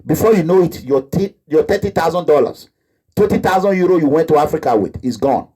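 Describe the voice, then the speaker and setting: A man's voice: sits high, husky. A Nigerian man with a Nigerian accent in an impassioned, rambling monologue, indignant and acting out the people he quotes. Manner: rambling, indignant, breaks into laughter and acts out quoted voices. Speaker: activist.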